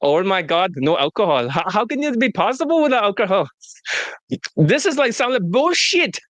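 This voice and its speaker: A man's voice: very animated, moderate pace, a bit bright, dry recording. A man putting on a mocking Indian English accent to voice a whiny young male student who cannot believe there is no alcohol. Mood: incredulous. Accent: Indian English, mocked. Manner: whiny, high disbelief.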